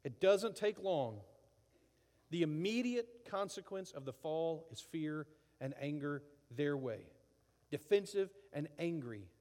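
A man preaching a sermon in an animated way, acting out quoted voices as he goes. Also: on the high side, slow, big-room sound. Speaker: pastor.

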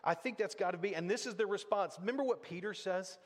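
Male pastor, fairly high voice, casual sermon delivery, hall reverb. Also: fast. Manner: conversational preaching with acted-out quotes. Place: church sanctuary.

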